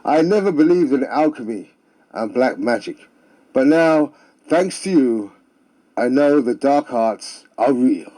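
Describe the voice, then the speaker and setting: A man's voice: mid-range voice, animated, a little slow, mellow, poor audio. A man voicing a grateful, earnest male castaway who talks effusively.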